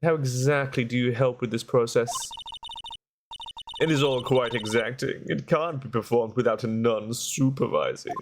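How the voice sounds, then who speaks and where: A man's voice: mid-range voice, normal speed, background noise, close to an everyday voice. Bikini, a man reading as a brash older head nun. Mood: chatty. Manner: brash, chatty, teasing. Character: older woman, head nun, bold and cheeky.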